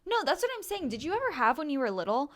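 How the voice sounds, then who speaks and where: Playful American woman with a lively voice. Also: sits high, quick pace. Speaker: podcast co-host. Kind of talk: casual chat.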